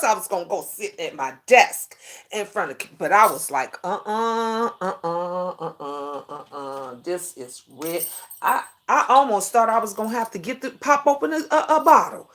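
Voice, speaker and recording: A woman hosts a casual livestream chat. She talks in a sassy, preachy way, calling her viewers honey and boo. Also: medium pitch. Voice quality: lively, sing-song greetings. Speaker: livestream talk show host.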